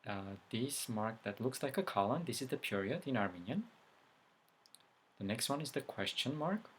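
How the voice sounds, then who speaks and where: A man's voice: medium pitch, lively intonation, moderate pace, slight background noise. A man teaching a beginner language lesson, reading letters one at a time and then explaining the rules. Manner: reads letters one by one, louder on each. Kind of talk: slow spoken language lesson.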